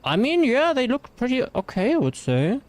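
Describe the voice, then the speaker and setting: A man's voice: very high-pitched, huge pitch swings, normal speed. A man with a German accent chatting casually through a game livestream, rambling with fillers and reading chat messages aloud. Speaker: streamer.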